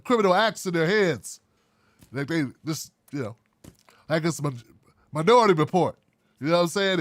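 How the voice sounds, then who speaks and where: A man hosting his own commentary show, talking bluntly with wry asides in a casual, animated way. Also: high voice, no echo, studio quality. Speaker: political commentary host.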